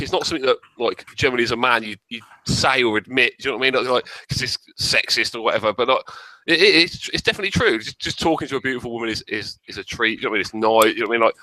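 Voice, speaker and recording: Fast, lively man rambling in casual chat. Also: mid-range voice, low-quality recording. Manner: rambling, swears a lot. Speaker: guest.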